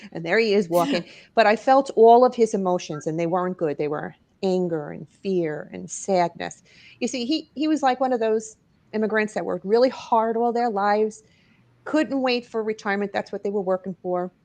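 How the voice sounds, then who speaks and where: Woman, middle-aged, from New York, studio interview guest, emotional storytelling, expressive. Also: medium pitch, normal speed. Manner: expressive, rises and drops as she tells the story. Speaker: guest author and paranormal investigator.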